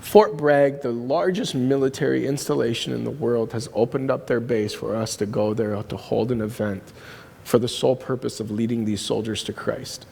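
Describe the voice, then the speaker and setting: A man's voice: mid-range voice, steady tone, normal speed, vocal fry, darkish tone, husky. A man preaching a sermon, telling a personal story in an earnest, emphatic way. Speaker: pastor. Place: church auditorium. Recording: long hall reverb.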